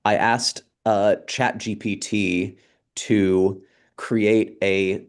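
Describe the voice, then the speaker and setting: A man on a casual political talk show, speaking in a measured, hesitant way with many pauses. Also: lowish voice, flat delivery, smooth.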